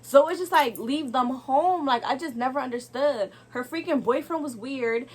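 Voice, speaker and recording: In a high voice at normal speed, a young woman delivers a casual storytime to camera. She's animated and exasperated, firing off rhetorical asides to viewers.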